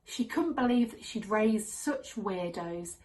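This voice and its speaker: A woman telling a comic true story on stage in a wry, deadpan manner. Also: mid-range voice, slow pace, poor audio.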